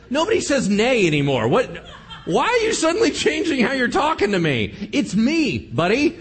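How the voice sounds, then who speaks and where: A man preaching a humorous Bible-teaching sermon, animated and sarcastic. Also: very high-pitched, a little fast, slightly rough. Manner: animated and sarcastic, acting out scripture characters.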